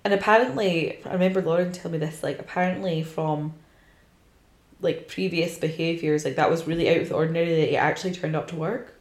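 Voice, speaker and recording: A woman's voice: low voice, fast, reverberant. A woman hosting a podcast, chatting casually and bluntly. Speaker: podcast host. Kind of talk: casual chat.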